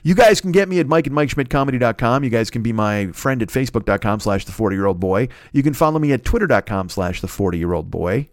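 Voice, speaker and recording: A man in his forties hosting a podcast, rambling casually through plugs and shout-outs, profane and self-mocking. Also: medium pitch, animated, fast talker, hardly any pauses, dry recording, clean studio sound. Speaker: podcast host.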